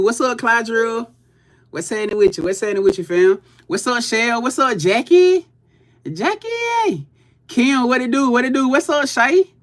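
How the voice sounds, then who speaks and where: On a livestream tarot reading, a man with a high-sitting voice chats casually. He speaks directly to his viewers in a loose, profane way, cursing freely.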